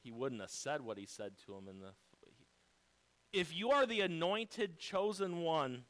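Male pastor delivering a sermon, high and smooth voice, emphatic, fond of rhetorical questions. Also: a bit bright, rough recording.

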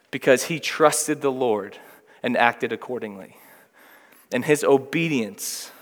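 A pastor with a medium-pitched, fairly bright voice preaches a sermon, first reading scripture aloud, then explaining it with mounting emphasis. A long hall reverb surrounds his voice.

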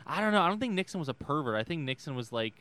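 A man co-hosting a podcast in casual chat, halting and stumbling over his words. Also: on the high side, sing-song, fairly bright tone. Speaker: podcast co-host.

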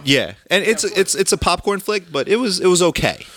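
A man's voice: high voice, very animated, a little fast, fairly bright tone. A man co-hosting a casual podcast, teasing his friends and steering the conversation. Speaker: podcast co-host.

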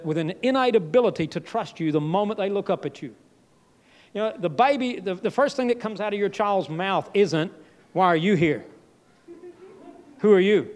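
A man delivering a sermon in a fairly high voice. He preaches with emphatic swings, leaping up in pitch and then dropping almost to a murmur. His delivery is dramatic and direct. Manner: emphatic, with sudden jumps and drops in pitch and loudness.

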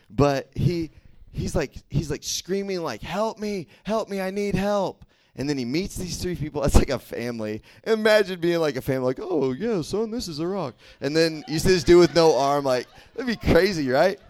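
A young man delivers a casual youth sermon in an easygoing, talkative way. He keeps checking in with his listeners and fills his sentences with fillers. His voice sits at an ordinary middle pitch, and the recording is dry with no room echo. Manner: chatty and animated, many fillers and "right?" check-ins. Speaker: youth pastor.

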